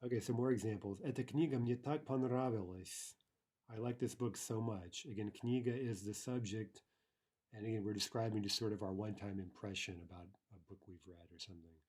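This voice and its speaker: A man teaching a recorded language lesson, explaining grammar step by step and slowing down to read example sentences aloud. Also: mid-range voice, warm tone.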